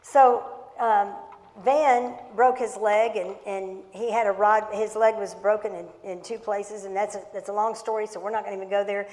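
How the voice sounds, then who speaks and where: A woman's voice: mid-range voice, fairly even intonation, moderate pace, a little mellow. A middle-aged woman pastor preaching a sermon through personal storytelling, impassioned and emphatic, repeating words for stress. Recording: long reverb of a large hall.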